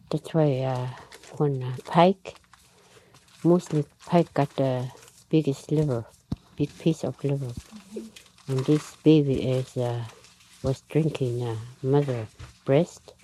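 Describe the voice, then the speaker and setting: A woman telling a traditional story aloud in a halting, unhurried way, with frequent pauses, fillers and nonstandard grammar. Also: a bass voice, mellow, slight background noise, rough recording.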